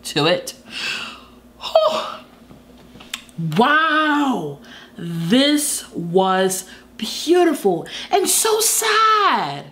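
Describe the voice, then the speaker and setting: A woman's voice: high voice, big pitch swings, drawn-out words, long pauses, fairly bright tone, slight background noise. A woman hosting a music reaction video, talking in a dramatic, exclamatory, sassy way. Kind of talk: casual reaction commentary.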